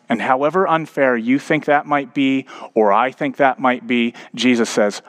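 A man's voice: mid-range voice, fairly even intonation, moderate pace, few pauses. Man preaching a storytelling sermon. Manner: storytelling, rising to emphatic preaching. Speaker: pastor.

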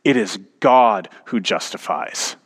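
A man's voice: lowish voice, slow pace, a bit bright. A man in his thirties, a pastor preaching a sermon, telling a story and building to emphatic points.

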